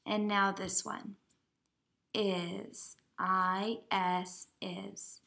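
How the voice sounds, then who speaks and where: Teacher lady reading a kids book real slow, spells words out loud, bright clear voice. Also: medium pitch, flat delivery. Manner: sounds out words letter by letter. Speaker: kindergarten teacher. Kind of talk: slow read-aloud lesson for young children.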